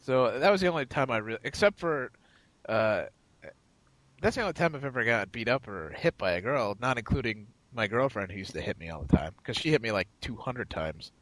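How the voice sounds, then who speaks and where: A man's voice: medium pitch, animated, fairly quick, a bit bright, no room sound, poor audio. A man co-hosting a podcast, telling a rambling, profane story in casual chat and acting out the other people in it. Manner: rambling, profane anecdote-telling with quoted voices. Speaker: podcast co-host.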